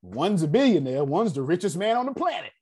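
Man running a class with a dark, husky voice, digressive storyteller. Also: high voice, brisk. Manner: animated, digressive, addresses the audience directly. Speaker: class leader. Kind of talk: casual teaching and storytelling.

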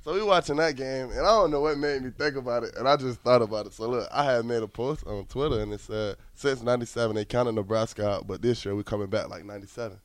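A college football player, a man, telling a story in a laid-back, halting way during a radio interview. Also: medium pitch, dry recording.

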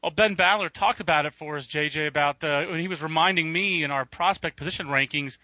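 A man's voice: a little high, brisk, sharp tone, no echo. A man co-hosting a casual podcast, talking in a rambling way with many fillers. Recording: dull lo-fi audio.

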